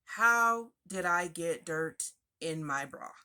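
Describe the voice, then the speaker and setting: A woman's voice: fairly low pitch, expressive, takes it slowly, sharp tone, clean tone. A woman frankly telling a personal story in a chatty, confessional way with asides. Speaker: vlogger sharing personal recovery story.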